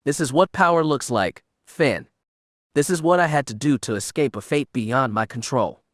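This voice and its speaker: A man's voice: medium pitch, expressive, moderate pace, no room sound, lightly acted. A haughty young Sith woman with a refined, cold and clipped delivery, as a male narrator puts her on. Her voice sits in a middling register. The audiobook recording is dry and close. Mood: bitter. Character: haughty young female Sith apprentice, bitter. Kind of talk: audiobook reading.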